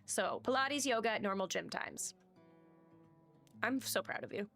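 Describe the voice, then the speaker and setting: Animated, swearing woman streamer. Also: medium pitch, a little slow, faint music behind. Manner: animated, swearing, reads game text aloud. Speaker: game streamer. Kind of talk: casual live-stream commentary.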